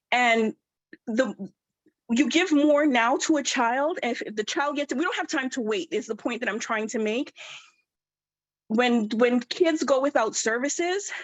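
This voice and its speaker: A woman's voice: fairly high pitch, expressive, a little slow, no echo, low-quality recording. A woman giving a public comment as a parent at a video-call hearing, out of breath, impassioned and frustrated.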